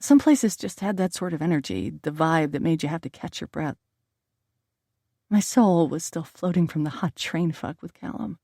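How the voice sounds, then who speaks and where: A woman giving calm first-person audiobook narration in an even reading style. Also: low voice, normal speed, no echo, clean studio sound.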